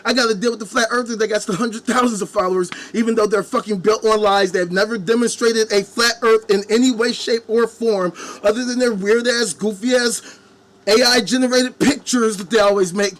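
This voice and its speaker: A man's voice: high voice, fairly even intonation, brisk. A man hosting a live stream, ranting angrily with heavy swearing and mocking the people he quotes. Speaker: live-stream commentary host. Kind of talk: profane ranting monologue. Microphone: webcam.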